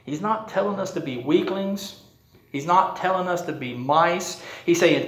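Guy pastor preaching, kinda high voice, echoey church room, chatty storytelling. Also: measured pace. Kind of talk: sermon. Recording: roomy echo.

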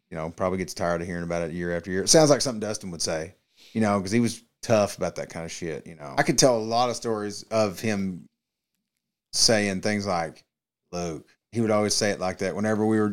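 A man's voice: on the low side, clear, resonant tone. A man, co-hosting a podcast, telling rambling, profane stories and acting out quotes. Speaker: podcast co-host. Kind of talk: casual chat, storytelling.

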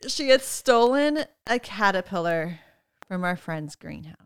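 A woman casually telling an animated parenting story, quoting her children and laughing often. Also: mid-range voice, a little slow, smooth, no room sound, studio quality. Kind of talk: casual chat.

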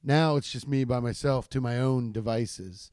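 A man's voice: mid-range voice, normal speed, a little mellow, clear, resonant tone, no echo, studio quality. A man, a stand-up comedian, telling rambling, profane stories in a casual chat with many restarts. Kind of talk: casual storytelling podcast.

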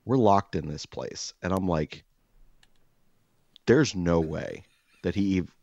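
A man's voice: low-pitched, takes it slowly, dry recording, lo-fi sound. A man co-hosting a podcast, telling a long story in a casual way, acting out other people's lines and laughing often. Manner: animated storyteller who acts out quoted voices and laughs a lot. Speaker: podcast co-host.

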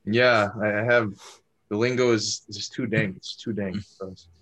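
Relaxed young man, casual podcast. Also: on the low side, normal speed. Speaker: podcast co-host. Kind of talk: casual chat.

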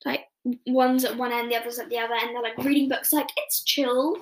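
A woman hosts a podcast, recapping scenes in a loose, chatty ramble full of restarts and self-corrections. Her voice sits high. She talks casually, as if chatting with friends. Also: little pitch movement, quick pace, slight background noise. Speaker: podcast host.

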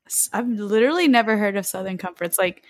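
A woman's voice: mid-range voice, animated, fast talker, no room sound. A young adult woman co-hosting a podcast in casual chat, giggly and full of incredulous questions, swearing casually. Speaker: podcast co-host.

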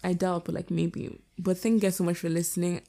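A teenage girl hosting her own podcast, talking casually and a bit hoarse, with lots of fillers and casual swearing. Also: fairly low pitch, flat delivery, brisk, mellow. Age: teens. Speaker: podcast host. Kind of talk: casual solo podcast chat. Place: lying down indoors.

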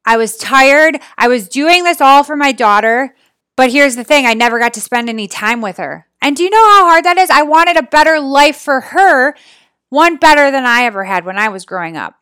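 Woman, high-pitched, bright, dry close sound, energetic motivational talk. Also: normal speed, clear, resonant tone, dry recording. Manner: energetic, exclaiming, chatty with listeners. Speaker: podcast host and business coach.

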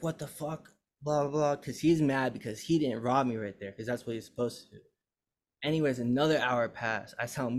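A young man, a podcast host, telling a long story in casual chat, rambling and cursing as he acts out what others said. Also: medium pitch. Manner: rambling, profane, animated retelling.

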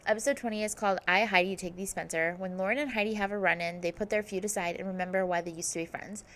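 A woman's voice: mid-range voice, steady tone, fast talker, a bit bright. A woman hosting a podcast, recapping a reality TV season in casual chat, full of "like" and "um". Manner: chatty, fillers like "like" and "um". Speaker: podcast host.

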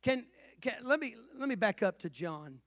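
High-pitched preacher guy, goes from yelling to quiet, asks the crowd stuff, dry close sound. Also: big pitch swings, normal speed, no echo. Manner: swings from shouted exhortation to soft, low asides; asks the congregation questions, calls for responses. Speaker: pastor. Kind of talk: sermon. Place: church sanctuary.

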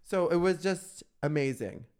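A man co-hosting a podcast, telling stories in a campy, animated, casual way and laughing often. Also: fairly high pitch, a little slow, clean tone. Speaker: podcast co-host. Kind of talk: casual chat.

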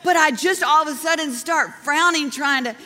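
High bright woman preaching in a hall. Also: moderate pace. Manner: animated storytelling, laughs often. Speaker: pastor. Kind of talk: sermon with personal stories. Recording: long reverb of a large hall.

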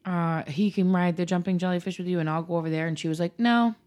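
Mom in her thirties, chatty storyteller, slightly low voice, casual chat. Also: little pitch movement, quick pace, a little mellow. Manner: chatty storyteller, acts out quotes.

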